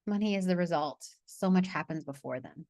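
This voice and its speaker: A woman runs a live online class over a video call in a lowish voice, talking loosely with her students. She laughs often, lets a curse slip and wanders off track. The sound is dry and close, with no room around her. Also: a little fast, a little mellow, no echo. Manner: chatty, laughs and swears, loses her train of thought. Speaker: money coach leading a masterclass.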